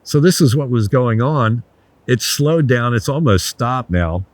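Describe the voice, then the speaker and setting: Older male guest, blunt and profane raconteur, middle pitch, dry. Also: measured pace, no room sound. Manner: blunt, swears, animated anecdotes. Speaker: guest, resort founder. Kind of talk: casual storytelling interview.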